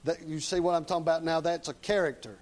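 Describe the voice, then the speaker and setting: A man preaching a sermon in a folksy, plain-spoken way, often checking in with the congregation with quick tag questions. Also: a little high, fairly even intonation, low-quality recording.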